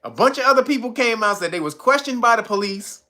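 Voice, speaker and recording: A man's voice: very high voice, fast. A man telling a story in casual commentary, swearing freely and slipping into voices for the people he quotes. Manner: animated, swearing, retelling stories with acted quotes.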